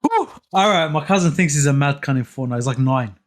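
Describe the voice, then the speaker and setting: A man's voice: on the high side, lively intonation, fairly quick. Brash, slangy man. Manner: brash, slangy, swears a lot. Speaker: podcast co-host. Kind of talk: casual chat.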